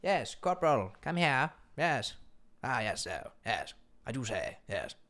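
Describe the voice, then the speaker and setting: A stuffy, upper-crust British army officer, pitched well above his normal voice and loud. He drawls a plummy "ah, yes" in a put-on posh British accent. His commanding manner barks orders to send the lads to the front. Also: big pitch swings, measured pace. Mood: pompous, commanding. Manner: commanding, summoning men to the front.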